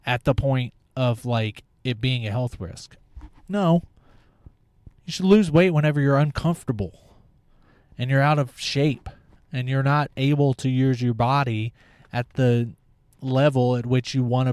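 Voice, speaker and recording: A man's voice: mid-range voice, a little mellow, clean tone, no room sound, studio quality. Blunt, cursing young man ranting. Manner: blunt, opinionated, swears freely. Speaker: podcast host. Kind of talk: casual monologue.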